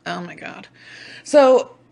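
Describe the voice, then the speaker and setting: A woman's voice: fairly low pitch, slow, gravelly, a crowd in the background. Blunt, swearing young woman podcaster. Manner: blunt, swears freely, animated storytelling. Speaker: podcast co-host. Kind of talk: casual chat.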